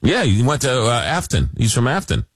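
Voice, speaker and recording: A man hosting a late-night call-in radio show, reading listener messages aloud and answering callers, halting often with fillers. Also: mid-range voice, wildly swooping pitch, breathy edge, no echo. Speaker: radio talk show host. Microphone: studio microphone.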